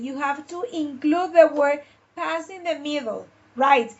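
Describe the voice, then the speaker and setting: A woman with a Spanish accent teaching an English class, repeating phrases slowly and switching between English and Spanish. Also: extremely high pitch, a little mellow. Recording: dull lo-fi sound.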